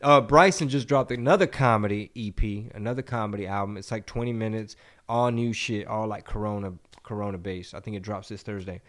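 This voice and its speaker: A man's voice: on the low side, fairly quick, fairly bright tone. A young man from Texas co-hosting a podcast, telling stories in a loose, casual way. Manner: laid-back storyteller, acts out voices in anecdotes. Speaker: podcast co-host and comedian.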